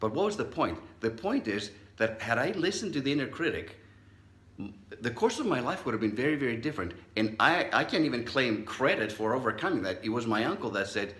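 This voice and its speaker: A man's voice: mid-range voice, big pitch swings, brisk, a bit bright, roomy sound. A middle-aged man, a psychologist, giving a motivational talk and telling a personal story, acting out the voices he quotes. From Southern California. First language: not English.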